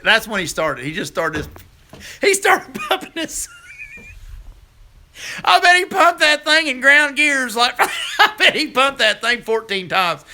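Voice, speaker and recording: A man's voice: extremely high pitch, sing-song, unhurried, long pauses, pushed and bright, slight background noise. A middle-aged man hosts a casual live stream, chatting folksily with viewers and laughing easily.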